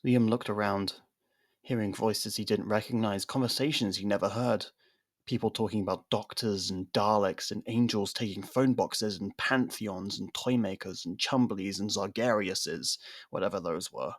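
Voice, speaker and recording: Low-voiced man narrating a fan story. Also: normal speed, no echo, studio quality. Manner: reads all parts, lively character voices. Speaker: narrator and audiobook-style reader. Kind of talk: scripted narration of a fan audio drama.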